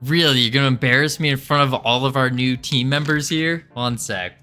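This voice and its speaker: A man's voice: medium pitch, brisk, bright, forceful tone, soft background music. A man chatting casually with his stream audience as a game developer, rambling, joking and restarting his sentences. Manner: rambling, joking with chat, stumbling over restarts. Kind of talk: casual livestream chat.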